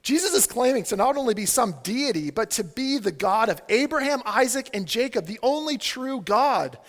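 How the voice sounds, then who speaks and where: Animated high-voiced male preacher. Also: moderate pace, long reverb tail. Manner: animated, casual, filler-heavy with "like", acts out quoted voices. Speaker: pastor. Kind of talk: sermon.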